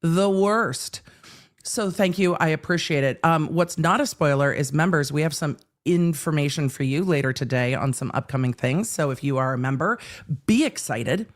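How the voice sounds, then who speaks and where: A woman in her forties, a hoarse live-stream legal commentary host who talks in a chatty, animated way and repeats herself for emphasis. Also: sits low, moderate pace. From California. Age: 40s. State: hoarse, under the weather.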